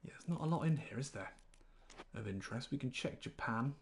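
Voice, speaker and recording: A man's voice: mid-range voice, animated, brisk, a little hiss or hum. A man, rambling chattily through live gameplay commentary while greeting chat viewers. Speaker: game streamer.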